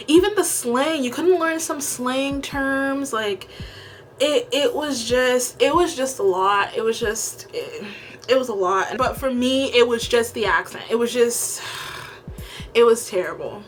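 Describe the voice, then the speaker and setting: A woman's voice: a little high, a bit bright, a little hiss or hum. A woman from the Caribbean giving a frank, opinionated review of a TV series in a casual vlog. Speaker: TV review vlogger.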